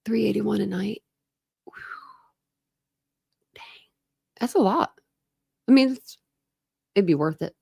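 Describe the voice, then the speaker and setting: An American woman hosting a casual livestream from her room at home, drifting from one topic to the next with plenty of laughs and fillers. Her voice has a noticeable gravelly fry, and her pitch sits in the middle range for a woman. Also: expressive, slow pace, long pauses, darkish tone. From United States. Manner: chatty and rambling, with frequent laughs and fillers. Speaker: true crime livestream host. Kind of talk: casual livestream chat with viewers. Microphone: desk camera setup.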